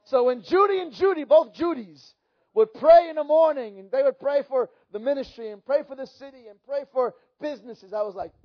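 High-voiced preaching man, lo-fi sound. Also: fairly quick. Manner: animated storytelling with swings from hushed to loud. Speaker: pastor. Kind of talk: sermon testimony. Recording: dull lo-fi sermon recording.

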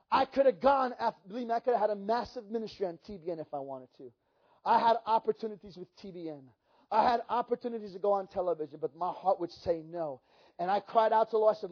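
A man, a pastor, giving a sermon testimony and telling his story with swings from hushed to loud. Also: high voice, fast talker. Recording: dull lo-fi sermon recording.

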